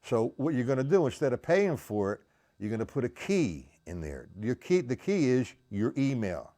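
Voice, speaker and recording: A man teaches drums over a live stream, counting triplets out loud and chatting casually with viewers by name. His voice sits at an ordinary middle pitch, and drums sound around him as he plays. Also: big pitch swings, normal speed. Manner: counts beats aloud, chats with viewers. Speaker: drum teacher. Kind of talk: live-streamed drum lesson. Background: drums played while talking.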